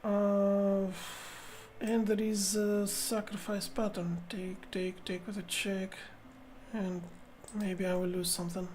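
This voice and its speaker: A woman chess streamer thinking aloud as she plays, muttering to herself in halting, repeated phrases. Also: medium pitch, level tone, a little mellow, a little hiss or hum.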